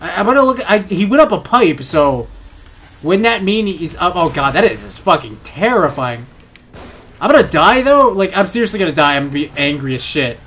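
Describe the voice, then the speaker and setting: A young man with a high, bouncy voice comments on a horror game he's playing. He gets excited fast, swears a lot and shouts at the monsters on screen. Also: breathy edge. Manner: excitable, swears often, yells at enemies. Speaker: gaming YouTuber. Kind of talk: let's play commentary.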